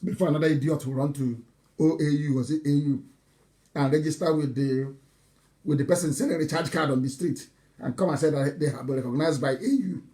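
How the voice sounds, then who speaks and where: A man giving a live broadcast address to his followers, impassioned and mocking, now and then shouting and breaking into laughter, often stumbling and repeating words. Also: a little high, a little fast. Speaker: movement leader addressing followers.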